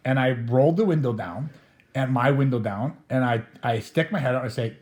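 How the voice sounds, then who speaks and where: A man's voice: mid-range voice, brisk, a little mellow. A middle-aged man casually telling a rambling, profane anecdote, often chuckling as he talks. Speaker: storyteller host.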